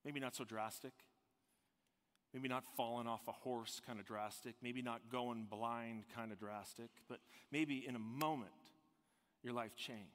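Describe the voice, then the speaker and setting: A man preaching a sermon as pastor, swinging from loud emphatic peaks down to a hushed near-whisper. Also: mid-range voice, fairly even intonation, a little slow, long reverb tail.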